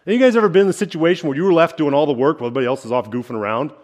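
Speaking at a racing pace, a middle-aged senior pastor delivers a sermon in a slightly high, slightly mellow male voice. He keeps it conversational, frequently asking "right?" as he builds to emphatic points.

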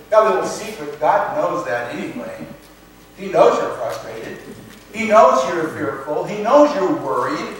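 A man preaching a sermon, earnest and halting, often repeating words and slowing to stress scripture. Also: sits high, a bit bright. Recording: echoey room from a distant mic with faint noise.

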